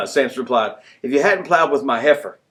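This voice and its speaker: A man preaching a sermon in a conversational style, acting out characters in quick asides. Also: mid-range voice, lively intonation, fairly bright tone. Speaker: pastor.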